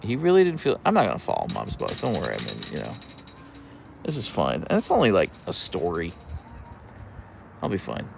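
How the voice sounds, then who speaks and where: A man with a low, gravelly voice hosts a casual livestream outdoors on a deck, reading out and answering viewer comments. His pitch swings up and down a lot as he talks, and faint traffic hums in the background. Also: wildly swooping pitch, fairly quick, pauses often, a little mellow. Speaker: livestream host. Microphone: camera on a tripod.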